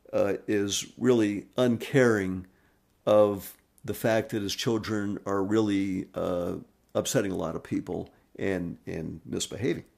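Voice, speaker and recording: A man's voice: on the low side, creaky. A man hosting a podcast, telling a story in a rambling monologue full of fillers and restarts. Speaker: podcast host.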